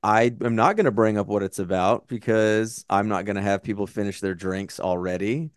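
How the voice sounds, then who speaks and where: A man's voice: on the low side, steady tone, normal speed, no room sound, studio quality. A man co-hosting a podcast, chatting casually about a movie in a blunt, profane, rambling way. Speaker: podcast co-host. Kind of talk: casual movie-review chat.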